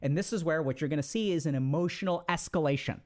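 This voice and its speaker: A man giving relationship advice in a casual, explanatory talk, full of fillers and quick "right?" check-ins. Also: a little high.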